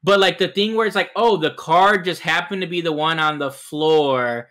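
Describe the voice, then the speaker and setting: A man's voice: on the high side, moderate pace, bright, forceful tone. A man co-hosting a casual film review podcast, rambling and hedging with lots of likes. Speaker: podcast co-host.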